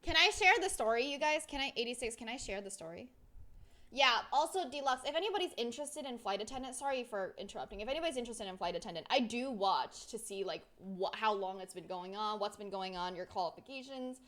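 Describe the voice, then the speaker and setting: A young woman streamer chatting casually and telling a rambling, excitable story, her voice swinging between loud and soft. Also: on the high side, fast talker. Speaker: VTuber streamer.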